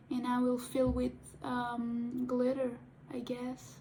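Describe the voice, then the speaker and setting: A woman vlogging as she does her cosplay makeup. She chats casually, with Portuguese as her first language, and rambles with many restarts and soft murmured asides. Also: on the high side, little pitch movement, a little slow, a little hiss or hum, low-quality recording. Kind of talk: casual chat while doing makeup.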